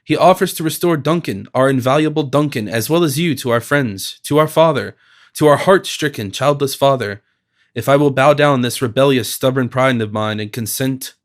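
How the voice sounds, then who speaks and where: A man's voice: medium pitch, moderate pace, lightly acted. A man reading the part of a dignified young woman, an elder sister, speaking firmly and solemnly. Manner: firm, solemn.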